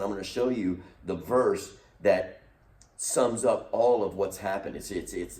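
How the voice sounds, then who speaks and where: A man's voice: low-pitched, a little mellow. A man leading a recorded youth lesson as youth pastor, teaching in an earnest, emphatic way. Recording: roomy echo, distant mic.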